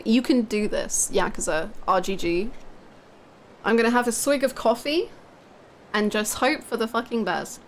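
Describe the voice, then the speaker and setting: A woman's voice: fairly high pitch, normal speed, a little hiss or hum. A young woman live streaming a video game, chatting casually with her viewers, laughing often and swearing freely. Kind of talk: casual gaming stream chat.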